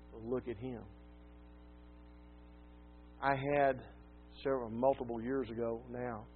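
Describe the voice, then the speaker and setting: A man preaching a sermon, telling a personal story in a folksy, self-deprecating way. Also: medium pitch. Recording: tinny phone-like sound with faint hum.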